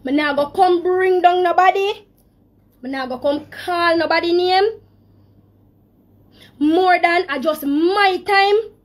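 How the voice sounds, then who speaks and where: A woman with a Jamaican accent talking emotionally on a live stream, speaking in patois. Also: very high voice.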